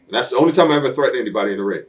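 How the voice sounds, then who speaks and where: A man with a mid-range, expressive voice races through blunt, streetwise stories as an interview guest, acting out other people's lines along the way. It's shoot-interview storytelling in a sit-down setting.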